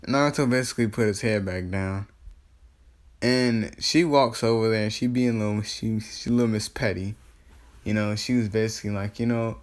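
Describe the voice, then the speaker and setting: A man's voice: lowish voice, fairly even intonation, moderate pace. Slangy man rambling through a fan story. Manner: rambling, slangy, full of fillers and self-corrections. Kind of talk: improvised fan-fiction storytelling.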